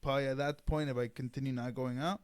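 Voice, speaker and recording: A man's voice: mid-range voice, steady tone, fast, clear, resonant tone. Laid-back young man, crude casual talk. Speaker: podcast co-host. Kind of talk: casual chat.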